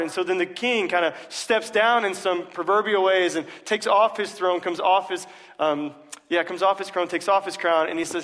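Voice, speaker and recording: A man preaches in a church sanctuary in a loose, conversational way, with easy jokes and frequent "uh" fillers. His voice sits a little high for a man. The sound trails off in the long reverb of a large hall. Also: steady tone, fairly quick, a bit bright. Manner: casual, joking, many "uh" fillers. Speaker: pastor. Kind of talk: sermon.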